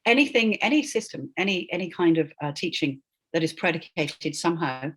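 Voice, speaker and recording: Husky, lively-pitched woman explaining spelling. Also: brisk. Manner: emphatic, often tags "right?", laughs between points. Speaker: guest, educational linguist. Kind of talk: animated explanatory interview talk.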